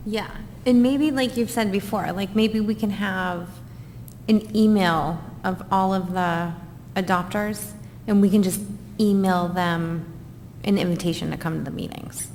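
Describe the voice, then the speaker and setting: Woman, mid-pitched, casual committee member, reverberant room recording. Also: fairly even intonation, a little slow, darkish tone, slight background noise. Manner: casual, lots of "like". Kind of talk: committee meeting discussion. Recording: distant mic in a reverberant room.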